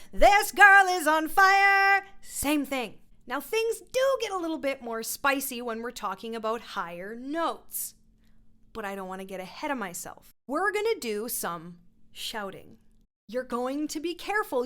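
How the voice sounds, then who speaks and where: Bright-voiced playful vocal coach woman. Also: on the high side. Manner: encouraging, playful; instructive. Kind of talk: voice lesson.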